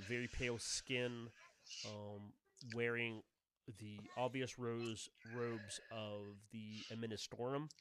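A low-voiced game master talks players through a scene in a loose, rambling way, stumbling and restarting as he goes. Faint noise sits under his voice. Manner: rambling, full of fillers and restarts. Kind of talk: narrating a tabletop game.

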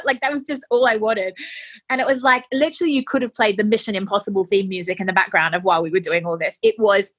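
A woman telling a personal story in conversation, animated and laughing as she quotes others. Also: medium pitch, quick pace, breathy edge. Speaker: interviewee.

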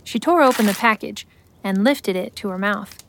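A woman giving scripted story narration in a steady, measured way. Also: medium pitch, gravelly.

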